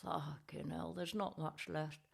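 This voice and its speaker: A woman's voice: deep voice, fairly even intonation, unhurried, gravelly, breathy edge, exaggerated voice. A woman voicing a cheeky, crude male monkey puppet in ventriloquist banter, blunt, sweary and dryly mocking. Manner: dry and mocking.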